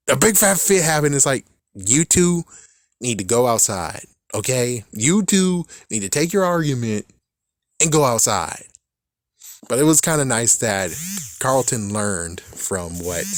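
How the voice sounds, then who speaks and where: A man's voice: mid-range voice, no room sound, studio quality. Exasperated man swearing through a recap. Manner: profane, exasperated, laughs often. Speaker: show recap commentator. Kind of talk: casual recap rant.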